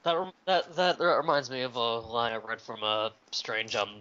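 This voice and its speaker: A man's voice: mid-range voice, expressive, normal speed, pushed and bright. A man co-hosting a podcast in casual chat, rambling with many restarts. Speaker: podcast co-host. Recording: dull lo-fi recording.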